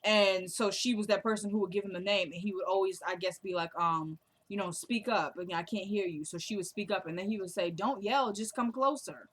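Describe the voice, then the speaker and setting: A woman's voice: mid-range voice, steady tone, quick pace, few pauses, a little hiss or hum. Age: unknown. Sex: woman. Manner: chatty, laughing, talks to viewers as y'all. Role: vlogger recapping a TV drama episode. Style: casual chatty recap to camera. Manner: talkative, laughs often, addresses viewers as y'all.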